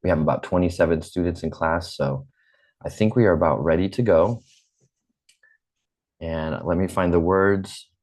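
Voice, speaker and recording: Teaching English online on a video call, an American man in his forties speaks into a computer mic with a General American accent. His voice sits low with a darkish tone, and he goes slowly and patiently, repeating himself.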